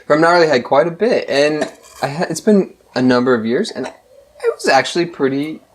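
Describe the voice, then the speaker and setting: Laid-back male co-host, thoughtful, with a lively pitch. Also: moderate pace. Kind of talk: casual chat.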